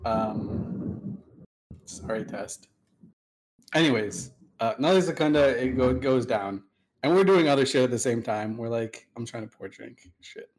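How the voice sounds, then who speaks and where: A man's voice: medium pitch, animated, measured pace, darkish tone. Laid-back profane storytelling man. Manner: laid-back, profane, self-mocking, acts out quoted dialogue. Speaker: storyteller recounting online game history. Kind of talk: casual storytelling.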